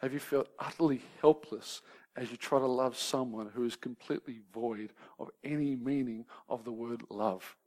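A man preaches in a medium-pitched voice at normal speed, with a conversational style that keeps checking in with the congregation. He shifts between energetic joking and gentle, grave questioning.

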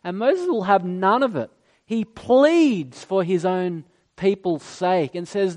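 A man delivers a sermon in a notably high voice. He tells the story with animation and slips into the voices of the figures he quotes. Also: takes it slowly, darkish tone. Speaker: preacher.

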